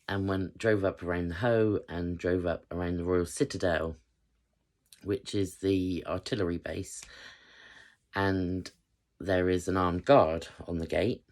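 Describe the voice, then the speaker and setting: A woman in her fifties from England with a notably low voice tells a personal story in a casual, chatty way. She rambles, pausing often on fillers as she goes. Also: darkish tone. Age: 50s. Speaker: vlogger.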